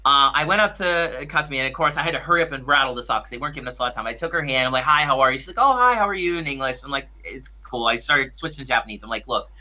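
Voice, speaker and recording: A man's voice: mid-range voice, racing, hardly any pauses, bright, forceful tone, muffled recording. A man co-hosting a podcast, telling a story in casual chat with lots of restarts and fillers. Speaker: podcast co-host.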